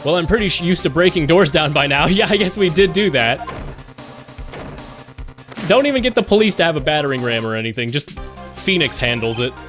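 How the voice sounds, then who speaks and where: A man streams a game and reads the dialogue aloud in a casual let's-play, joking and swearing offhandedly. His voice is a little high and fairly bright, with lively intonation, a fairly quick pace and long pauses. Game music plays beneath him.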